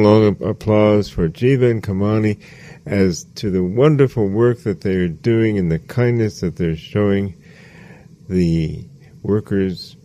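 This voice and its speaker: A man with a low, mellow voice gives a slow, measured sermon. He repeats his phrases for emphasis. The recording is dry and close. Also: dry recording. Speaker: spiritual teacher.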